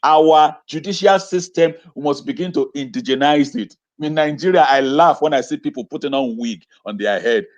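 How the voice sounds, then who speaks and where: A man's voice: a little high, moderate pace, hardly any pauses, highs cut off. Emphatic man repeating his points. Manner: emphatic, repeats phrases, rhetorical questions. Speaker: interview guest, educator. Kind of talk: impassioned talk on a video call.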